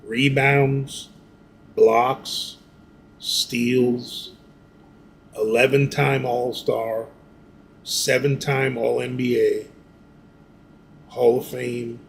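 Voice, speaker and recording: Slow-talking man on a sports panel. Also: mid-range voice, level tone, creaky, a little hiss or hum. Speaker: co-host. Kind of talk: casual sports talk.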